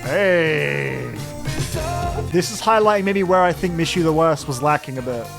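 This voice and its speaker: Excitable young man, slangy. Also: on the high side, moderate pace, gravelly, over music. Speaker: music reviewer. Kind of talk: casual album reaction. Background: album playing faintly.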